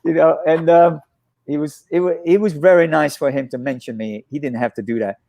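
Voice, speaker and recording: This stunt coordinator, a guest in a casual interview, tells animated stories and acts out what people said. His voice is gravelly, fairly high-pitched and a little fast.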